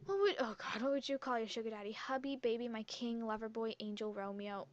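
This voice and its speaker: A teen gaming YouTuber reads quiz questions aloud and answers them, giggling and chatting casually, talking a little fast with hardly any pauses. Her slightly high voice is recorded through a headset mic worn around her neck.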